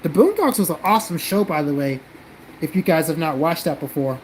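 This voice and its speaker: A man's voice: on the high side, lively intonation, fairly quick, a little mellow, a little hiss or hum, low-quality recording. A man from the American South, chatting casually on a live stream and answering comments in a blunt, profane, defensive way. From South Carolina, American South.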